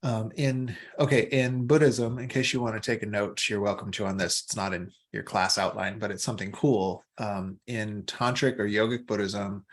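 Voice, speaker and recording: A man's voice: fairly low pitch, fairly even intonation, moderate pace, few pauses. A man teaching qigong and meditation over a video call on an external microphone, casual, playful and rambling, sometimes swearing.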